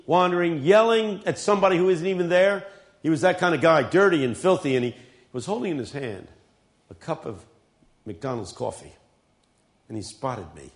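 A man's voice: medium pitch, gravelly. A male preacher delivering a dramatic sermon, telling stories with humor.

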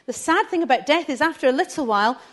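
A woman's voice: high voice, lively intonation, fast. A woman leading a family church talk, chatty and asking the listeners questions. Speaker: preacher.

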